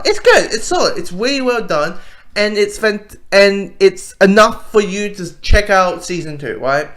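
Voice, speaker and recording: A man's voice: on the high side, a bit bright. A young man giving a casual, rambling review, enthusiastic and full of restarts. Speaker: video reviewer.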